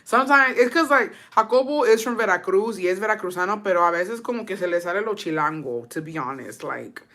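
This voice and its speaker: A woman's voice: mid-range voice, expressive, fast, sharp tone. A woman streamer from Texas chatting casually with viewers, switching between English and Spanish, swearing freely. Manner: bilingual code-switching, profane, chatty. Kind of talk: casual chat.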